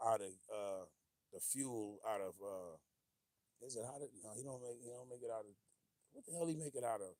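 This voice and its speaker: A man with hosting a casual livestream, rambling and animated, often losing his train of thought and laughing as he reads viewer comments. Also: medium pitch, no echo, studio quality. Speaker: livestream host.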